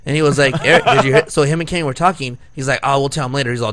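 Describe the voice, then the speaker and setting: A man's voice: medium pitch, very fast, fairly bright tone. A man co-hosting a podcast, telling a long story in casual chat, full of "like," restarts and laughter. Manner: rambling storyteller, heavy on "like" and restarts, laughing often. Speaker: podcast co-host.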